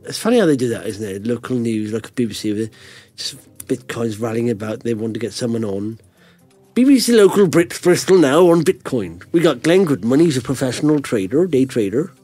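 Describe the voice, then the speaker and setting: A man's voice: medium pitch, lively intonation, a little fast, mellow, no room sound, soft background music. A man hosting a markets podcast, chatting casually and reading a roundup of stocks with jokey, rambling asides. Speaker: podcast host.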